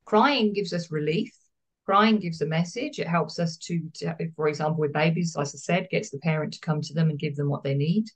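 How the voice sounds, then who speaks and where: Woman, low voice, earnest, explanatory, podcast guest. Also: a little fast. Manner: earnest, explanatory, repeats words for emphasis. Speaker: therapist guest. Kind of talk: podcast interview.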